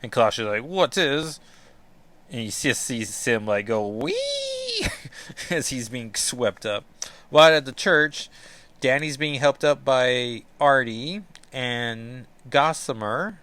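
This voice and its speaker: A man's voice: mid-range voice, a little slow, sharp tone, clean tone. A man hosting a casual comic book read-along, with joking asides. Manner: chatty, joking asides with laughs. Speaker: comic book reader and podcast host.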